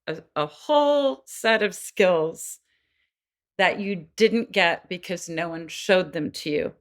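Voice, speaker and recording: A woman's voice: sits low, fairly bright tone. A woman guest on a podcast interview, explaining earnestly and acting out quoted voices now and then. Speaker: guest expert on child development.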